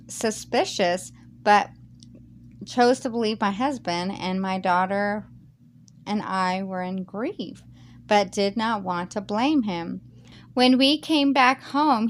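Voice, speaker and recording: A woman's voice: mid-range voice, fairly bright tone, slight background noise. A woman who reads a Reddit post aloud and then reacts to it in a heated, emphatic rant. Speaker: YouTuber reading Reddit posts.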